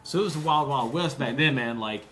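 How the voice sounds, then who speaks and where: Male podcast co-host, casual storyteller, mid pitch, faint hiss behind. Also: brisk. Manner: animated, acts out quotes, laughs often.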